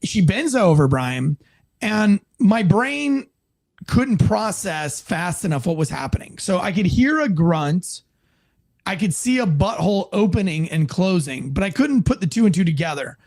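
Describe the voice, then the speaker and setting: An American man and former police officer telling a story in a casual interview, animated and profane, acting out the people in it. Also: high voice, a little slow. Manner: animated, profane, acts out quoted voices.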